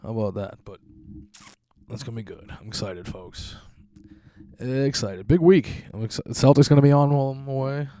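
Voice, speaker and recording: A man's voice: mid-range voice, brisk, warm tone, no echo. A young man hosting a podcast, rambling through crude, profane stories and laughing at his own jokes. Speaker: podcast host. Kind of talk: crude casual monologue.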